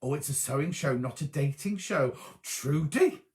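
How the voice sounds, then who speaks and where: A man's voice: medium pitch, a little fast. A man hosting a casual live stream, chatting and reading viewer comments aloud and answering them. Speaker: host reading live chat.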